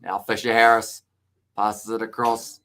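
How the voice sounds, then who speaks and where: A man's voice: fairly low pitch, a little slow, slight background noise. New Zealand man calling a rugby match. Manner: steady running play-by-play, stumbles over names. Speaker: live reaction commentator. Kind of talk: amateur play-by-play commentary.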